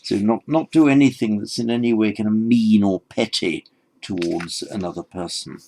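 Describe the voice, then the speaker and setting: Brief: male teacher, deep gravelly voice, careful word-by-word scripture lecture. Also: normal speed, warm tone, a little hiss or hum. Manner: thoughtful, explaining word by word with frequent restarts. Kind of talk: textual lecture on Pali scripture.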